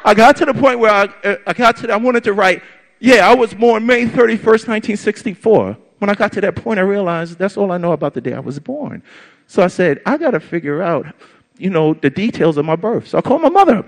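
A man telling a personal story to an audience, animated and emphatic, with lots of repetition. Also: sits high, quick pace. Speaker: storyteller on stage.

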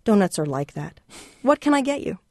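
A reader raising their voice to play a proud immigrant donut-shop owner who welcomes everyone in. He talks plainly and teases his customer gently. His voice sits higher than the reader's own, and it is recorded close and dry. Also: big pitch swings, brisk, no room sound. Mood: hospitable. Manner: hospitable, plain-spoken, gently teasing. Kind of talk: reading a novel aloud.

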